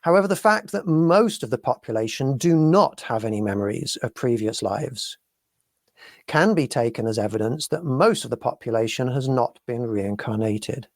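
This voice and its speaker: A man co-hosting a live-streamed discussion, speaking in a deliberate way with frequent fillers and restarts. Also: medium pitch, lively intonation, no echo, clean studio sound. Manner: deliberate, hesitant with many fillers. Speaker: podcast co-host.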